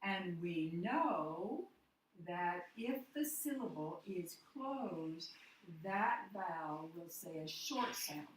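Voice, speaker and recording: A woman teaching a phonics lesson, walking through each step slowly and spelling out words letter by letter. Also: fairly low pitch, slight background noise. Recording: echoey room, voice from far off the mic.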